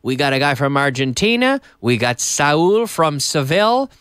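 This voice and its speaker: A man hosts an English lesson on a live stream, chatting loosely and reading out viewer messages. His pitch sits a little high and swings up and down a lot. The sound is dry and close, with no room around it. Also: sing-song, normal speed, fairly bright tone, smooth, dry recording. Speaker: English teacher and host. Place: TV studio.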